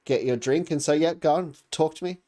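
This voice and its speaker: A man's voice: on the high side, brisk, mellow. A man narrating a tabletop game as game master, hesitant and jokey, with many fillers.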